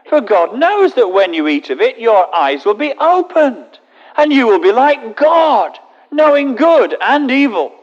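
Man reading a crafty serpent, high-ish and sly, muffled hall sound. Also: big pitch swings, a little slow, exaggerated voice.

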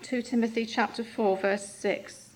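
A woman giving an earnest, gentle sermon in a church, sometimes reading passages aloud. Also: fairly high pitch, steady tone, measured pace, a little hiss or hum. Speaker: church speaker.

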